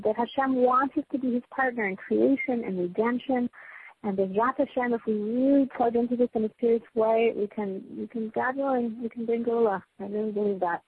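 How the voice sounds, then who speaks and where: Woman, Torah class teacher, earnest, emphatic, fairly high voice, tinny phone-like sound. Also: fairly quick, slight background noise. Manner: earnest and emphatic, restarts phrases, checks in with "right?". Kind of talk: spiritual lecture to a small group.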